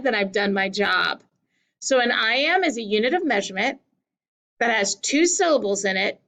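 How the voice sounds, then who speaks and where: Slow, deliberate woman teaching a lesson. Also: a little high, fairly bright tone, poor audio. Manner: slow, deliberate, stretches key words. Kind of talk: classroom lesson at a whiteboard.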